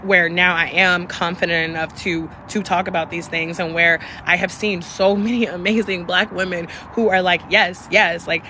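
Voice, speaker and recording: A woman's voice: on the low side, fairly even intonation, normal speed, hardly any pauses, a little hiss or hum. A young woman hosting a live stream, talking candidly and passionately with plenty of profanity. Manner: candid and profane, emphatic, shifts between passion and softness. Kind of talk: casual live-stream talk.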